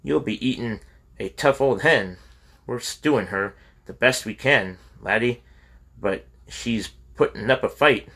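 A man's voice: medium pitch, normal speed, hardly any pauses, a bit bright, voice pushed up. A man reading a story and voicing a good-natured older mountain woman with a rural way of talking.

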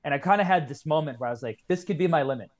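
Fast-talking young man, earnest and heartfelt. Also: a little high. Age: 20s. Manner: earnest, heartfelt storytelling, many "like" fillers. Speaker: guest, kettlebell coach. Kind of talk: casual podcast conversation.

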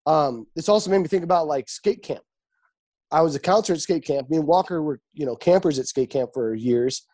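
A young man in his twenties chatting casually, telling animated stories with lots of swearing and acted-out dialogue. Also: fairly high pitch, a little fast. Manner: animated, swears freely, acts out quoted dialogue. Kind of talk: casual chat, storytelling.

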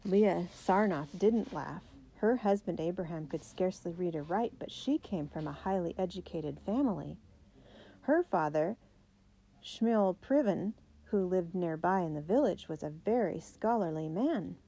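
A woman narrating a children's biography storybook, reading the characters' lines with raised pitch and emphasis. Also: animated, a little slow, mellow. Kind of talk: storybook read-aloud.

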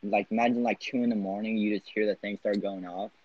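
A man bantering in a casual chat, animated and laughing, with heavy slang. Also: fairly low pitch, quick pace, no room sound. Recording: slightly dull lo-fi sound.

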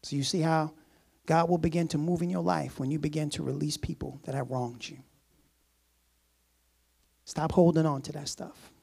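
A man preaching a sermon in a casual, conversational way, repeating phrases and chuckling softly. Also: a little high, fairly even intonation, normal speed, gravelly, long pauses, husky.

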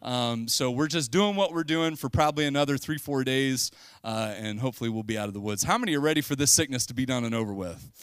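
A middle-aged pastor preaches a casual, joking sermon in a church sanctuary, speaking conversationally and rising into bursts of emphasis. His mid-range voice is fast and clean-toned, with no room sound.

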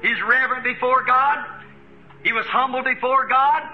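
High-voiced fervent American preacher, lo-fi tape. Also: male voice, fairly even intonation, moderate pace, a little hiss or hum. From United States. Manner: fervent, chuckling, rising to shouts. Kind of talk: sermon.

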